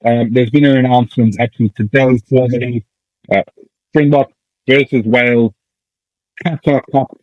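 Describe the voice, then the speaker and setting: A man co-hosting a podcast, in casual chat, ranting in an animated, jokey way and swearing now and then. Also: mid-range voice, moderate pace, pauses often, no room sound, lo-fi sound. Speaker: podcast co-host.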